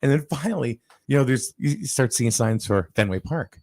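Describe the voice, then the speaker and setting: A man's voice: medium pitch, lively intonation, normal speed, gravelly, darkish tone, no echo. A man hosting a casual chat, telling a long story with lots of fillers and restarts. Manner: rambling, with many fillers and restarts.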